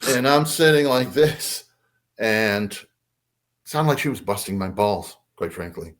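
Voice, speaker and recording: An older man, a podcast guest, telling a personal story in a casual, animated way. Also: fairly low pitch, unhurried. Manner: animated, acts out voices in his anecdotes.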